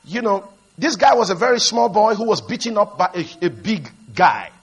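A man preaching a sermon, leading the congregation to repeat his lines and building up to shouted emphasis as he tells stories. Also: high-pitched, sing-song, moderate pace, slightly rough. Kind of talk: sermon with call-and-response.

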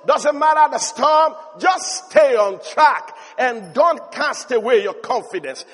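A man preaching a sermon, telling the story with animation and building to emphatic shouts. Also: very high voice, lively intonation, measured pace, hardly any pauses. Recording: long hall reverb.

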